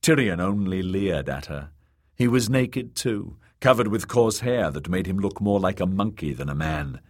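A man narrating an audiobook in a measured, dramatic reading. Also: sits low, expressive, a little mellow.

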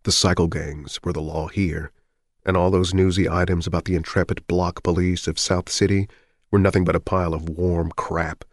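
Man, audiobook narration, very low pitch, dry close sound, measured, somber. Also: little pitch movement, no room sound. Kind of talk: scripted narration.

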